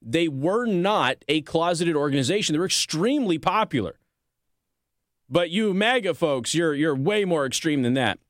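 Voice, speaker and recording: This political commentary host has a voice on the high side with lively intonation and a moderate pace, in a dry, studio-quality recording. Between read-aloud news passages, he fires off sarcastic, combative jabs.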